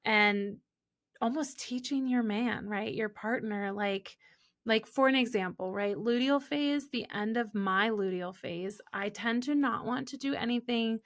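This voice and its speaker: A young adult woman who is a guest on a podcast. She talks candidly and with animation, acting out the things she says to others. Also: a little high. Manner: animated, quick and candid, acting out quoted remarks. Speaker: guest, holistic business coach. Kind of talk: casual podcast conversation.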